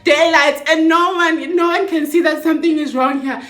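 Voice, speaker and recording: A young woman tells a story in a chatty, expressive vlog style, full of slang and swearing. Her voice sits high and bright. The room around her is echoey. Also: normal speed. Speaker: vlogger.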